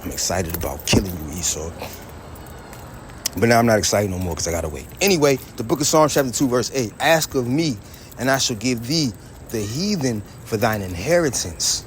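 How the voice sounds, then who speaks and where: A man's voice: medium pitch, lively intonation, fairly quick, slight background noise. A man vlogging outdoors, rambling in a heated, preachy way, quoting scripture and trailing off into mutters. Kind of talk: rambling street vlog with scripture quotes.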